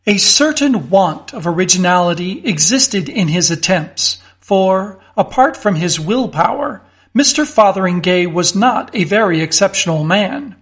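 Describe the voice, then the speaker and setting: A man narrating a classic story in a measured, expressive way. His voice sits high. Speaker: audiobook narrator. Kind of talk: reading a classic story aloud.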